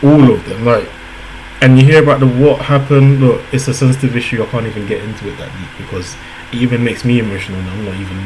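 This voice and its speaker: A man hosts a casual reaction video, talking in an average-pitched voice. He chatters excitably, laughs often and circles back over his own words, while a faint air-conditioning hum sits underneath. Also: quick pace. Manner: excitable, laughs a lot, repeats himself.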